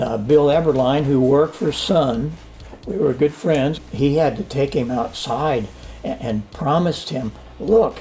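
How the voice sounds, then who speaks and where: An older man telling stories in a casual interview, acting out the dialogue as he goes. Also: a little high. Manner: animated storyteller, acts out quoted dialogue. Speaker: interviewee, sound engineer. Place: home studio.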